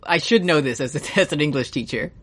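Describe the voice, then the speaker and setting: A man's voice: a little high, brisk, fairly bright tone, husky. Male co-host, english-teacher type, loose rambling chatter full of filler and swearing. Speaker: podcast co-host. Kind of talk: casual chat.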